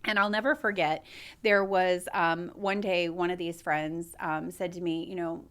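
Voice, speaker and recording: A woman's voice: on the low side, fairly even intonation, unhurried, clear, resonant tone. Earnest woman sharing a heartfelt story. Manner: earnest, heartfelt, soft-spoken. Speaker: guest. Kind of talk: personal testimony in a podcast interview.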